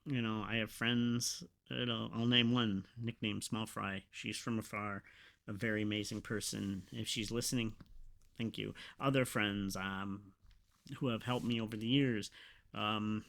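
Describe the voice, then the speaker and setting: A man hosting a podcast, talking in a rambling, emotional, halting way with many fillers. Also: on the low side, fairly even intonation, gravelly, a bit bright. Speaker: podcast host. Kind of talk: casual confessional podcast talk.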